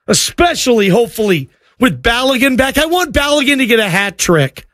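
A man hosting a sports call-in radio show, talking in an excited, emotional, rambling way with many restarts. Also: very high-pitched, moderate pace, no echo, studio quality.

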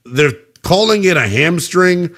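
A man's voice: sits high, expressive, measured pace, a bit bright. Impassioned male sports talk host. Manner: impassioned, opinionated, emphatic.

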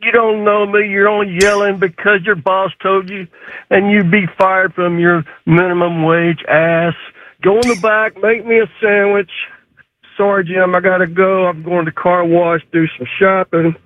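A man phones in to a radio show and complains with irritated sarcasm. His voice sits high and comes through a thin, tinny phone line. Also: flat delivery, moderate pace, a little hiss or hum. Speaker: caller. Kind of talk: call-in complaint.

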